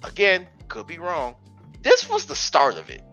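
A man co-hosting a casual wrestling podcast, talking in an animated, profane, joking way. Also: sits high, moderate pace, faint music behind. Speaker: podcast co-host.

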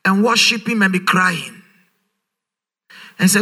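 Male pastor, sermon, high voice, piercing bright tone, emphatic sing-song questions. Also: unhurried.

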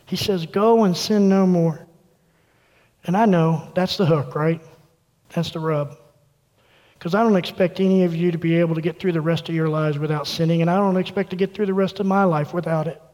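Casting note: earnest preacher, male, bright high voice, room reverb trailing each phrase. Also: steady tone, brisk, dull audio. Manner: earnest preaching, dropping soft for quoted words. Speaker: pastor. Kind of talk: sermon. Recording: long reverb of a large room.

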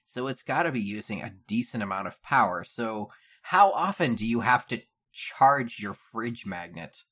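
A man's voice: lowish voice, animated, normal speed, sharp tone, slightly rough. A man co-hosting a casual podcast, making dry, skeptical comments about the product. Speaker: podcast co-host.

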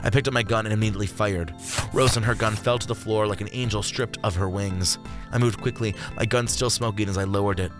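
A man reads a dark first-person story in a plain, unhurried way, cursing now and then. His voice sits on the low side. Faint music plays behind him. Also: fairly even intonation.

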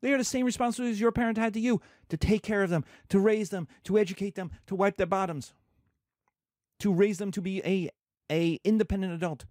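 A man's voice: sits high, brisk, darkish tone, no room sound, studio quality. A man lecturing as a professor, asking and answering his own questions and acting out little scenes. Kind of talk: lecture to students.

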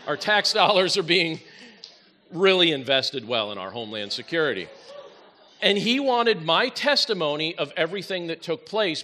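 A pastor preaching a sermon, telling a story with lively asides and dry humor. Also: male voice, a little high.

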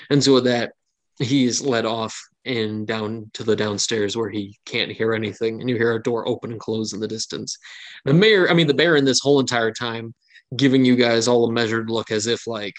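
A man's voice: medium pitch, fairly even intonation, fairly quick. A man narrating a tabletop game as game master, in a casual, descriptive way.

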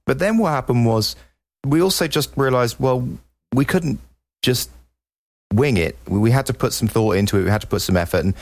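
A man's voice: expressive, brisk, no room sound. A man co-hosting a casual tech podcast, talking plainly and slipping into mock-earnest jokes. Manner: joking, mock-earnest pitch delivery. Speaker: podcast co-host who edits the show.

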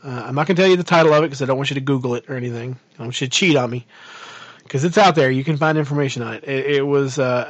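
A man's voice: mid-range voice, no echo. A man co-hosting a casual podcast chat, rambling with many fillers and restarts as he plans a tabletop game. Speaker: podcast co-host and game master.

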